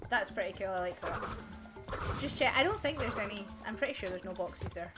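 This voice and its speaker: Woman gamer chatting away while she plays, kinda high voice, rambly with lots of ums, game music going loud in the back. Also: lively intonation, moderate pace. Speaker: let's play gamer. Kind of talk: casual gameplay chatter.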